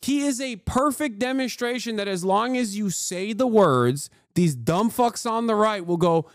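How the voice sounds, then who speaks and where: A man's voice: sits high, animated, unhurried, few pauses, no echo, clean studio sound. A male streamer giving live reaction commentary in a profane, sarcastic, ranting manner. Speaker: streamer, host.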